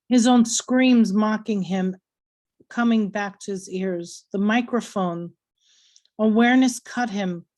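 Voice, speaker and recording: A woman reading a novel aloud in a steady, earnest storytelling voice. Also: medium pitch. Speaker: reader.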